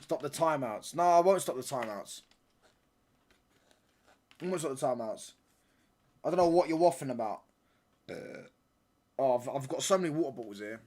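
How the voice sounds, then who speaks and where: A man's voice: mid-range voice, animated, normal speed, pauses often, darkish tone. A young man, chatting casually with his live-stream viewers, full of slangy banter that he tags with "mate" and "pal". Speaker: football watchalong streamer.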